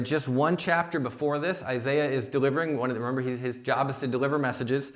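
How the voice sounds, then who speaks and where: Man preaching in a casual, chatty way. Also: medium pitch. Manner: conversational preaching, frequent "right?" and "like". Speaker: young adult ministry speaker. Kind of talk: sermon. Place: church retreat session.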